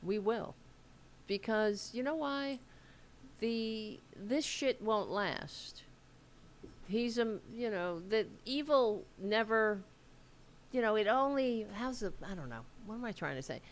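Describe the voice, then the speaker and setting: A woman's voice: on the high side, lively intonation, slow pace. A woman hosting a casual livestream, rambling as she reads aloud and answers viewer comments, with a Staten Island accent. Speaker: host.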